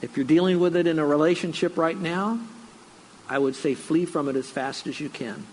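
A man's voice: on the high side, normal speed, darkish tone, a little hiss or hum, poor audio. A man preaching a sermon as pastor, earnest and conversational, with fillers and restarts.

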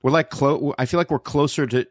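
A man's voice: a little high, steady tone, a little fast, dry recording. A man from Ohio co-hosting a podcast, talking casually and hesitantly, often trailing off. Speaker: podcast co-host. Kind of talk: casual chat.

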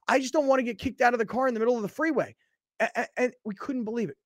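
A man's voice: rapid-fire, dry recording, studio quality. A man hosting a sports talk show, chatting casually, reading a sponsor spot and telling a story with rising indignation. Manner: animated storyteller, gets louder and higher when indignant. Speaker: sports talk radio host. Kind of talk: casual sports chat and live ad read.

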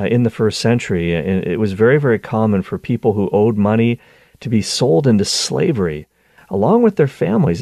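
A man hosting a show, giving a conversational teaching talk on scripture, animated and full of restarts. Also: lowish voice, no room sound, studio quality. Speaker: Catholic teacher and show host.

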